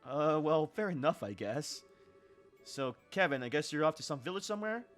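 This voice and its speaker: A man voicing a spirited young woman fighter in a game, blunt and quick to doubt, with faint game music behind. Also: a little high, expressive, fairly bright tone. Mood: skeptical.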